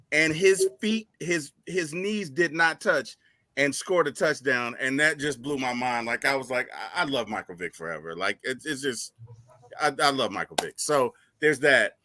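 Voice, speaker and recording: A man hosting a casual fan talk show, telling stories in an animated way. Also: fairly high pitch, dry recording. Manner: animated storytelling, rising to excited shouts. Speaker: podcast host.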